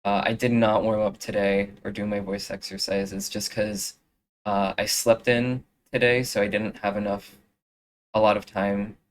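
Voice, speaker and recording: Young live streamer, unhurried, filler-heavy chat while making art. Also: sits low, level tone, slight background noise, low-quality recording. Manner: rambling, full of fillers and restarts.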